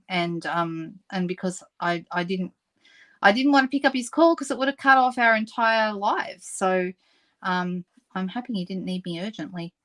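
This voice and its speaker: An Australian woman with a fairly bright, mid-range voice hosts a live papercraft demonstration. She chats casually with viewers, answers their comments, laughs often and apologizes playfully.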